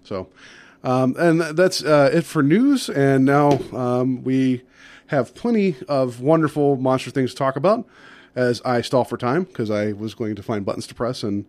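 Man, podcast co-host, medium pitch, dry close sound, loose rambling chat. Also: animated, moderate pace, darkish tone, no echo. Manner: rambling, upbeat, loose with fillers. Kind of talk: casual chat.

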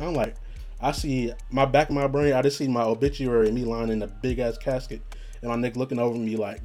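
A man's voice: medium pitch, fairly even intonation, fast talker, darkish tone. A man telling a personal story in a casual monologue, joking and swearing and often laughing as he acts out what was said.

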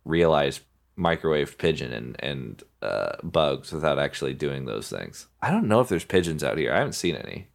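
A man co-hosting a podcast, chatting casually about a film, halting and restarting often as he talks. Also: a bass voice, big pitch swings, creaky. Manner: halting, with frequent restarts and fillers. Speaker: podcast co-host.

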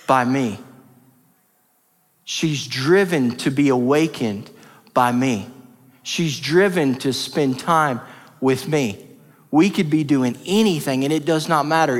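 Passionate man preaching in an echoing hall. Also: on the high side. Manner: passionate and emphatic, heavy repetition. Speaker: pastor. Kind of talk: sermon. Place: church hall. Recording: reverberant church hall.

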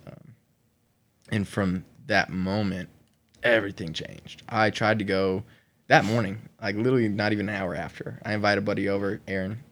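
A man as a podcast guest, telling an emotional personal story in an animated way, with frequent laughter and many "like" fillers. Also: deep voice. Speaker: guest sharing his conversion testimony.

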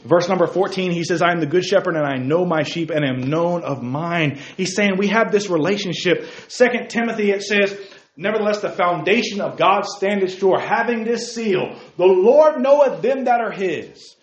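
Man, preacher, fervent sermon, fairly high voice, echoey room. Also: normal speed, muffled recording. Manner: exhorting, repeats "hey guys", rising emphatic peaks.

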